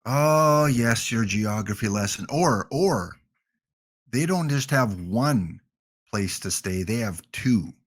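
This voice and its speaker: A man's voice: mid-range voice, expressive, takes it slowly. A man with a Canadian accent hosting a gaming livestream, chatting casually with jokey, rambling asides.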